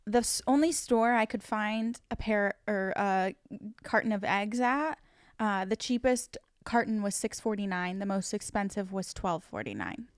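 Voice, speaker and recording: A woman's voice: medium pitch, unhurried, clear, resonant tone, no room sound, clean studio sound. A woman co-hosting a podcast in casual chat, laughing often and telling stories with energy. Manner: laughs often, animated storytelling. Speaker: podcast co-host.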